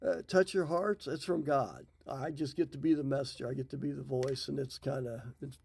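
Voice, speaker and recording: A man's voice: medium pitch, fairly even intonation, moderate pace, gravelly, darkish tone, breathy edge. A middle-aged man who teaches the Bible, retelling scripture stories in a folksy, casual way. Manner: folksy, retells scripture in his own words.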